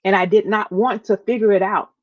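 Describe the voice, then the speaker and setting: A woman's voice: medium pitch, steady tone, a little fast. A woman hosting a podcast, talking to her listeners with heartfelt emphasis, repeating phrases and calling them y'all, close to tears. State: near tears. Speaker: podcast host. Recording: dull lo-fi audio.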